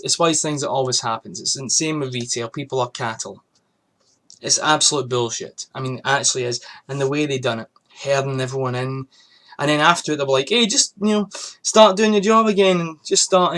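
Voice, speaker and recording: A man's voice: mid-range voice, a bit bright. A young man ranting angrily into the camera, swearing often as he vents. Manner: heated and profane, swearing often. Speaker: vlogger. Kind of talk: angry ranting monologue.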